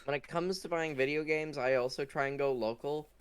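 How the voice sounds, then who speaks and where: Guy podcasting, smooth clear voice, gets all ranty and emphatic. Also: fairly high pitch, brisk. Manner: emphatic, ranting in bursts. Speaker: podcast host. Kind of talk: casual chat.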